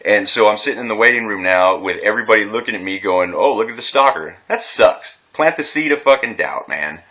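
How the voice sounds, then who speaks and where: Man, distressed, rambling, swearing, fairly low voice, bright forceful tone. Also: expressive, a little fast. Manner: rambling, agitated, swearing, many restarts. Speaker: veteran telling his story. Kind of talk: unscripted personal vlog.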